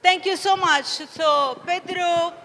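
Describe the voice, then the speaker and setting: Moderator: high-pitched woman, unhurried, thanks everyone over and over, hall reverb. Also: fairly even intonation, pushed and bright. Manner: repetitive, effusive thanks. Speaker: conference moderator. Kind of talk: introducing a speaker on stage. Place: conference hall stage.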